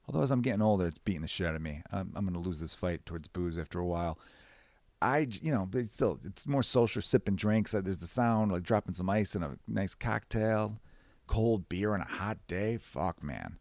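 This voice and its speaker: A man hosting a podcast, rambling casually and profanely, short of breath and jumping into high mock voices. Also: fairly quick, creaky, dry recording. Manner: profane, rambling, animated bursts into high-pitched mimicry. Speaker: podcast host. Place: away from his usual recording space.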